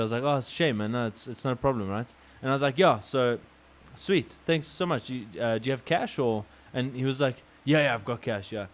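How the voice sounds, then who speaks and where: Animated young man. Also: mid-range voice, a little fast. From South Africa. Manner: animated, swears, acts out quotes loudly. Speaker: podcast co-host. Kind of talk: casual storytelling chat.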